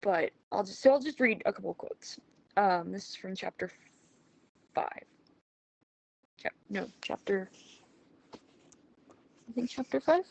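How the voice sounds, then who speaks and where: In a phone voice message, a book vlogger talks casually about what she's reading. Her medium-pitched, darkish, creaky voice is expressive and unhurried, and she pauses often as she rambles in an earnest, hesitant way.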